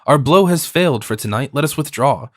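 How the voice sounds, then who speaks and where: A haughty noble leading an ambush, used to command, read by a man in an audiobook. He speaks in a lofty tone at a middle pitch. The sound is dry and close. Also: expressive, fairly quick, a bit bright, no echo. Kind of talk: audiobook character reading.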